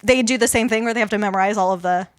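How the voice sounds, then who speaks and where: A woman co-hosting a podcast in casual chat, animated and giggly, full of "like" and the odd swear word. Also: mid-range voice, rapid-fire, no room sound, clean studio sound. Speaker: podcast co-host.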